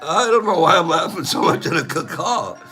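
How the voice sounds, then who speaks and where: A man's voice: a little high, very animated, brisk, sharp tone, faint music behind. A middle-aged man hosting a casual chat, goofy, often laughing and breaking into silly bird calls. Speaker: host.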